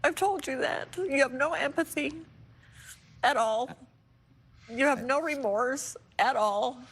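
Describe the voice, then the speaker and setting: Exasperated high-voiced woman guest. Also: takes it slowly, fairly bright tone, slightly rough. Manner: exasperated, indignant. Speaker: talk show guest. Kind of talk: emotional confrontation on a talk show.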